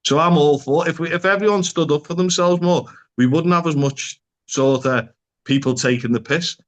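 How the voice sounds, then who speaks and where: Blunt man, slightly high voice. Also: moderate pace. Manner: frank and blunt, swears freely, uses local slang. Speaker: psychotherapist guest. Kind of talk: casual podcast conversation.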